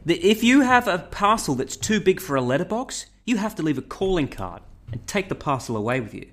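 A man's voice: high-pitched, sing-song, a little fast, fairly bright tone. An Australian man co-hosting a podcast in casual chat, brash and sweary with mock outrage. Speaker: podcast co-host.

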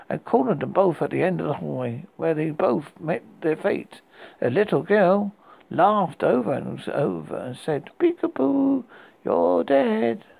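A man from the UK hosting a horror podcast, narrating a scary story in a halting way with frequent restarts. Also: fairly high pitch, vocal fry, a little mellow, husky, no room sound, rough recording. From United Kingdom.

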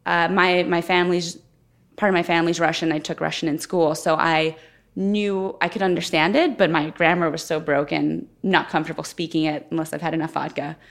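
A woman's voice: low-pitched, level tone, fairly quick, creaky. A woman interviewed as a guest, telling her story candidly and thoughtfully in conversation. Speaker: guest, former Olympic figure skater.

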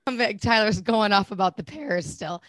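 A woman co-hosting a podcast in casual chat, loud, blunt and teasing. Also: mid-range voice, normal speed. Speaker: podcast co-host.

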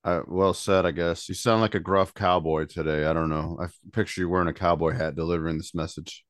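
Low-voiced joking podcast co-host man. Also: steady tone, fairly quick, dry recording, clean studio sound. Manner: laid-back, joking. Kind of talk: casual podcast chat.

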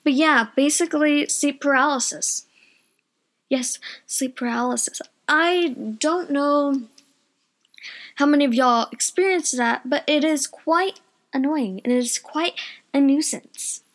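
Rambling high-voiced young woman. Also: measured pace. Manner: rambling, chatty, loses her train of thought. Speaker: vlogger. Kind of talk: casual storytime chat. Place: bedroom at home.

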